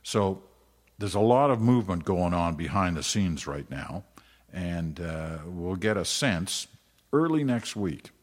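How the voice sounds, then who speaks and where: An older man hosts his podcast in a deep, slightly husky voice. He talks loosely and conversationally, drifts into tangents and pokes fun at himself. The recording carries a long, hall-like reverb. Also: animated, measured pace. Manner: conversational, digressive, self-deprecating. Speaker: podcast host. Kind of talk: casual solo podcast commentary.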